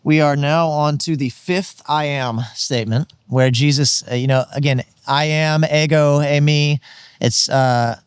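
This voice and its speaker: A man's voice: fairly high pitch, steady tone, measured pace, clean tone, no room sound, studio quality. A man co-hosting a casual Bible discussion podcast, earnest and teacherly as he explains the text. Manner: earnest, teacherly, explains Greek and verse context. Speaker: podcast co-host.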